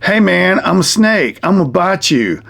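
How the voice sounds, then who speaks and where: A man's voice: sits high, big pitch swings, normal speed, vocal fry, a bit bright, pitched above the performer's own voice, heavily acted. A man voicing a cocky male puppet snake who talks in easy slang. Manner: slangy, laid-back, then whiny when caught.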